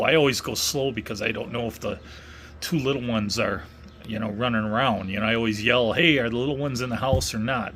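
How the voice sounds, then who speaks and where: A man's voice: medium pitch, sharp tone. Middle-aged wisconsin guy rambling thru a story, lots of ums, faint background noise. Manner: rambling, many fillers and restarts. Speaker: vlogger. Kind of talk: casual storytelling.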